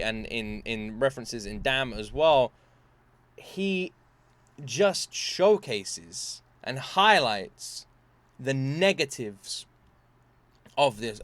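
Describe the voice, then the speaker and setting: A British man talks through a reaction video in a loose, earnest ramble, stopping and restarting his sentences with plenty of fillers. His voice has a bright, forceful edge at an ordinary middle pitch. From Britain. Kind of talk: casual reaction commentary.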